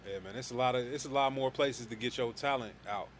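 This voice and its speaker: Fast-talking radio host asking questions. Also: male voice, medium pitch, slight background noise. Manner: quick, informal questions. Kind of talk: casual radio interview.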